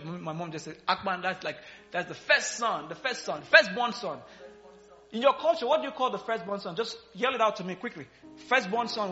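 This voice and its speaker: A pastor preaches a sermon in a church hall, playfully quizzing the congregation and laughing along with them. His voice sits high with a sharp tone, and the sound is lo-fi.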